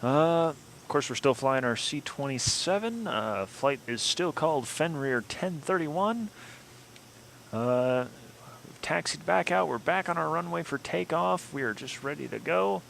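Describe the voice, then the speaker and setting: A man's voice: fairly high pitch, lively intonation, measured pace, vocal fry, a bit bright, a little hiss or hum, low-quality recording. A man hosting a casual flight simulator let's-play, chatting and explaining each step as he goes. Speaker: flight sim gameplay host.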